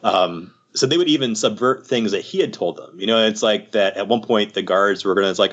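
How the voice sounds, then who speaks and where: Deep husky man, rambling podcast guest. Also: fairly quick, hardly any pauses, fairly bright tone. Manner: rambling, full of "you know" asides. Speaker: psychiatrist guest. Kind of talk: casual podcast conversation. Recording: slightly muffled lo-fi audio.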